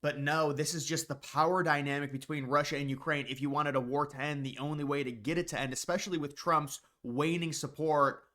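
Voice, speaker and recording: A man's voice: a little high, fairly even intonation, brisk, hardly any pauses, a bit bright. A man giving opinionated, off-the-cuff political commentary with frequent restarts. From United States.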